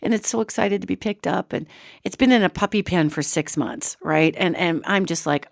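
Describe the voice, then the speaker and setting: A woman's voice: on the low side, moderate pace, vocal fry, dry recording, clean studio sound. A woman radio host telling a casual, chatty personal story and talking straight to her listeners. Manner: animated and chatty, addresses listeners as gang.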